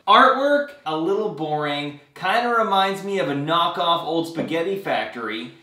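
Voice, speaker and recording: A man's voice: fairly high pitch, expressive, normal speed, sharp tone. Crude joking man in an echoey room. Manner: crude, joking, swears a lot. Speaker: beer review host. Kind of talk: casual beer review chat.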